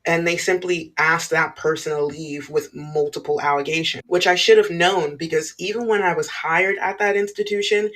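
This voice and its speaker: A speaker recounting a personal story in a blunt, emphatic way. The speech is casual, with occasional profanity and forceful stresses. It sounds like a clip played from elsewhere. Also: medium pitch, fairly even intonation, moderate pace, few pauses. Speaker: former school staff member telling a story.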